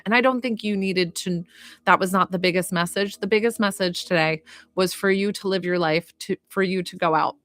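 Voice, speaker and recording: Chatting as a psychic medium on a phone livestream, a young woman from Georgia uses a fairly bright, medium-pitched voice. The talk is casual chat and readings, full of gushing, reassurance, and rambling fillers.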